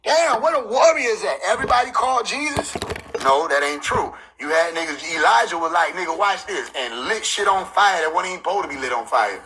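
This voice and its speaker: A man's voice: sits high, animated, fairly quick, sharp tone, slight background noise, low-quality recording. A man in a casual, profane monologue rant, lecturing on scripture in street slang and laughing between his points.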